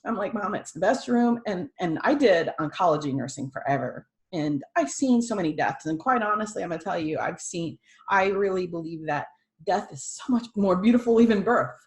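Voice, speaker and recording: A woman's voice: lowish voice, a little fast. Earnest middle-aged woman telling a story. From United States. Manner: earnest, swings between hushed and laughing excitement. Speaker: podcast guest sharing a testimony. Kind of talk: emotional personal storytelling.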